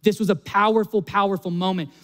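A man's voice: sits high, steady tone, fast, fairly bright tone. A man preaching a sermon, earnest and building to emphatic peaks. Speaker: pastor.

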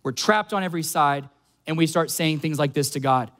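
A man with a notably high voice preaching a sermon to his congregation. He speaks earnestly and stretches out key phrases to land them. He sounds like a young adult pastor. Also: a little fast, fairly bright tone.

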